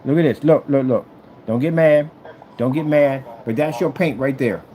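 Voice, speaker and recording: A man's voice: normal speed, a little hiss or hum. A man showing off his product in a vlog, taunting a rival and repeating his jabs. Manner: taunting and trash-talking, repeats phrases; animated swings between loud and low. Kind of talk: boastful product demo vlog.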